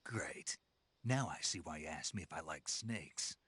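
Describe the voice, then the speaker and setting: A gruff special forces soldier in a game scene. His voice is deep and strongly husky, and his replies are dry and terse. The sound is close and dry. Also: lively intonation, measured pace, a bit bright, no room sound, heavily acted. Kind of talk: video game cutscene dialogue.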